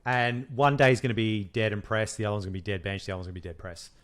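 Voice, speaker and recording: A young man co-hosting a podcast, chatting casually and bluntly, swearing freely and telling stories in an animated way while teasing his co-host. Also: lowish voice, racing, clean tone. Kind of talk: casual chat.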